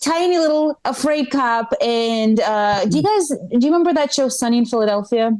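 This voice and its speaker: A woman's voice: fairly high pitch, animated, moderate pace, darkish tone. Chatty woman telling stand-up stories. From Ukraine. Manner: chatty, rambling, checks in with the crowd. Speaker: stand-up comedian. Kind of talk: live stand-up storytelling. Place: small comedy club stage.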